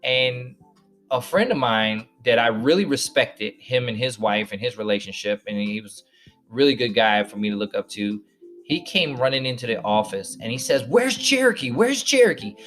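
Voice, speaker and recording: A man's voice: mid-range voice, moderate pace, a bit bright, soft background music. A man hosting a podcast, telling a personal story to listeners and acting out the voices of people in it. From northern United States. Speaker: podcast host.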